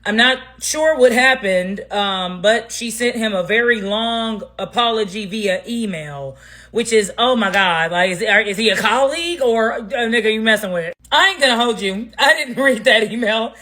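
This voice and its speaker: A woman hosting a gossip story time with a bright, somewhat high voice. She delivers it in an animated, blunt, lively way and breaks into laughter often. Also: normal speed. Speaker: gossip vlog host.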